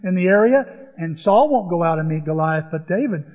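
A man's voice: sits high, animated, normal speed. A man preaching a sermon in a conversational storytelling way, retelling scenes as he goes. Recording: long hall reverb, dull lo-fi.

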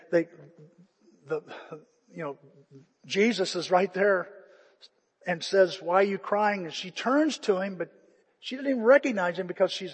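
In a church sanctuary, an older man whose voice sits high with a breathy edge delivers a conversational sermon. The pastor retells scripture to the congregation with feeling, and the long reverb of the hall fills the recording.

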